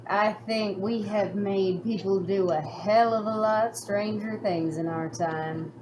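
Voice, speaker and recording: A woman's voice: medium pitch, steady tone, takes it slowly. A woman playing a tabletop game in character, making dry teasing quips. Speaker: tabletop player. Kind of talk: in-character role-play. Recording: noisy background.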